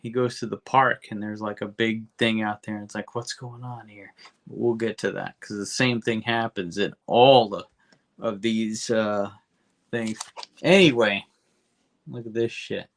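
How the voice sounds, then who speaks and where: A man co-hosting a podcast, rambling through a comic book recap with lots of swearing and quick character asides. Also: lowish voice, creaky. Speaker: podcast co-host.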